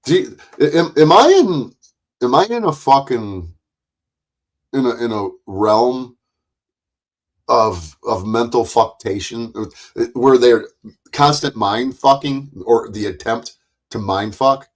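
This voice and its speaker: A man streams live and rants at length in a heated way. He swears often, trips over his words and circles back on himself. His pitch sits in the middle range for a man. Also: animated, slow. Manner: profane, rambling, heated and repetitive. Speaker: live streamer reacting to clips. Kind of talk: ranting live-stream commentary.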